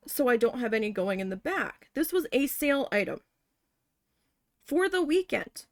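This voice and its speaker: A woman chats while she paints and tells a long story about a mix-up at work. She acts out what each person said. Her voice is slightly high with a gravelly edge, and it sounds dry and close. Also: moderate pace, no room sound. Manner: animated retelling, acting out her boss and her own panic. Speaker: painting livestreamer.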